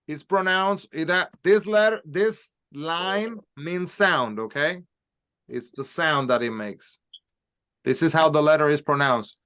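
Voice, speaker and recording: A man teaching a Spanish class, slowly sounding out letters and words for his students to repeat. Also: on the high side, a bit bright, smooth. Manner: slow, carefully sounds out letters and words for repetition. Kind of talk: classroom language lesson.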